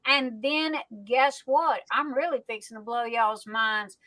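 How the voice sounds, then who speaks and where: A woman's voice: fairly high pitch, a little slow, pushed and bright, poor audio. A woman hosting a livestream, chatty and affectionate in her talk. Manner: chatty, affectionate, folksy Southern phrasing. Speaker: livestream host. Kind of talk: casual livestream chat.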